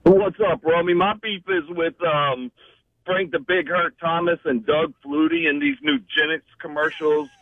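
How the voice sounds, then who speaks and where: A man calls a sports show with playful mock outrage. His high, gravelly voice swings lively in pitch and sounds husky and tinny over a dry phone line. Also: dry recording. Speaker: caller.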